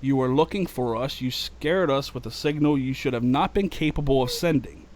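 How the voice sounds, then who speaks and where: A man voicing a calm, dry-witted male alien envoy, reading in a slightly higher, softer, measured voice. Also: slight background noise, lightly acted.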